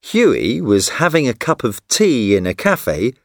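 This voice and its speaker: Slow, clear male storybook narrator. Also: mid-range voice, wildly swooping pitch, no room sound, clean studio sound. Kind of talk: scripted narration of a graded reader story.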